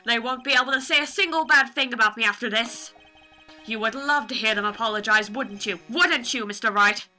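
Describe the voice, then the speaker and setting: A woman voicing a smug, excitable older male doctor who gloats loudly. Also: fairly high pitch, brisk, soft background music. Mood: gloating. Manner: gloating, loud.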